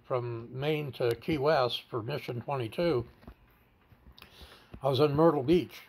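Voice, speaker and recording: A mid-range male voice with vocal fry recounts a personal story candidly in an interview. Plain-spoken and blunt, he stumbles over words and repeats them as he goes.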